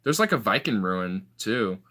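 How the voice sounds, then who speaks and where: A man's voice: on the low side, big pitch swings, a little slow, pushed and bright. A young man in casual chat, rambling through stories with lots of fillers and restarts. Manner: rambling, filler-heavy storytelling.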